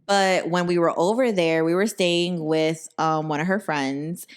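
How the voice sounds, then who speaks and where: A young woman hosting a podcast, telling a story in animated, profane casual chat and acting out the people in it. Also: fairly low pitch, a little slow, clean tone. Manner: animated, profane, acts out quoted voices. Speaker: podcast host.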